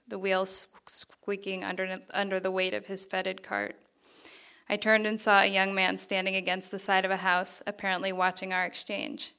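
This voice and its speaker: Woman author, fiction reading: even, flat delivery, bright, crisp voice with some fry. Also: mid-range voice.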